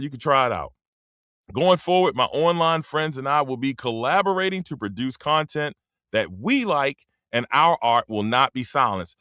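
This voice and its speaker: A man's voice: fairly high pitch, bright, forceful tone, no room sound, clean studio sound. A man around fifty, talking bluntly and profanely in a rambling casual monologue as a streamer, full of slang. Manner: drops into dialect slang.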